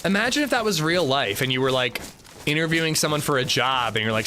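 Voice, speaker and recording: Animated chatty male game streamer. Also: a little high, fast talker, a little hiss or hum. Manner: chatty, reacts loudly, talks to chat. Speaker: streamer playing a survival shooter. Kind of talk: casual livestream commentary.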